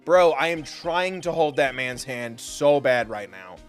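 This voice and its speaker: A man's voice: medium pitch, expressive, measured pace, soft background music. Wisecracking male game streamer. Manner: playful, wisecracking, laughing often. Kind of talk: jokey gameplay commentary.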